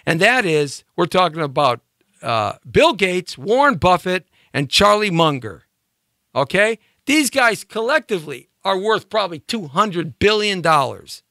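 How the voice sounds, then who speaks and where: Animated high-voiced man hosting a monologue. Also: measured pace, no room sound, studio quality. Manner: emphatic, rhetorical, repeats questions. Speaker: show host. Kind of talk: opinion monologue.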